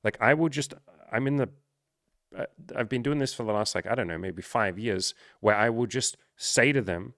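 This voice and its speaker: A man's voice: mid-range voice, moderate pace, a bit bright, no echo, studio quality. A man talking as a dating coach in casual, unscripted chat, blunt, swearing freely and poking fun at himself.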